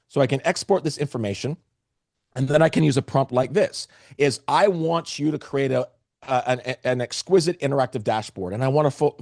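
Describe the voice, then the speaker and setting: A man's voice: medium pitch, darkish tone, no echo, clean studio sound. A man presenting a live webinar, talking to the chat with energy and restarting phrases often.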